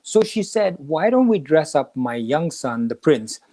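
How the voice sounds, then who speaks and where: A man hosting a talk on the Gita, telling a story and acting out the quoted lines with lively shifts of voice. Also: on the high side, a little slow. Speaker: podcast host teaching the Gita.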